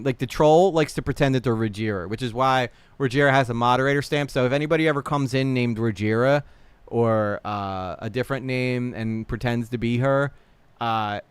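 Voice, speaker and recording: A man hosting a casual livestream reaction, animated and blunt, swearing freely while talking to his chat. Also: mid-range voice, brisk, smooth, no room sound. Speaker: livestream host.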